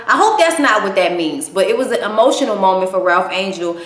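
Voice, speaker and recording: A woman's voice: mid-range voice, animated, fast talker, hardly any pauses, a bit bright. A woman giving a casual, blunt spoken recap of a TV episode, swearing freely and giving strong opinions. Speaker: TV show reviewer. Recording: echoey room.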